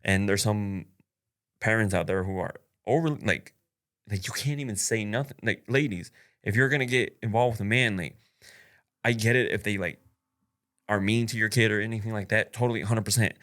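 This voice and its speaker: Blunt, profane man with a low voice. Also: brisk, fairly bright tone. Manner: blunt and profane, laughs often, many fillers. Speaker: podcast host. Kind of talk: casual solo podcast monologue.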